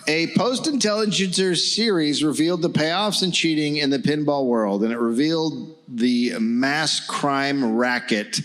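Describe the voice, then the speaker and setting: A man's voice: fairly high pitch, measured pace, hardly any pauses. An American man hosting a live comedy podcast, reading a history story to his friend and riffing with the audience, swearing freely. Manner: animated, swearing, riffing with the crowd. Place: live stage before an audience.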